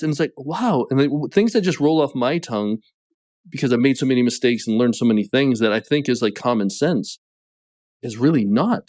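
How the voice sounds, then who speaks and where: A man with a New England accent, talking as a podcast guest and business coach in a casual, animated way, full of "like" fillers. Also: medium pitch, dry recording, clean studio sound. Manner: animated storytelling, many "like" fillers. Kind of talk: casual conversation.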